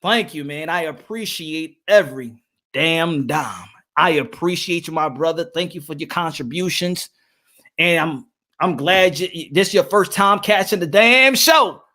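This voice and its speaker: Male live-stream host, high bright voice, playful chat with lots of repeats. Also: lively intonation, measured pace. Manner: playful, joking, repeats himself. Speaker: boxing podcast host.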